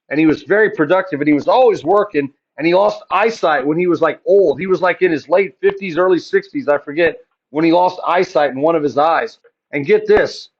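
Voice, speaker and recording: Chatty high-voiced male math teacher. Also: dull audio. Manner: chatty, asks questions then answers them, jokes. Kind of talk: classroom math lecture. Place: classroom.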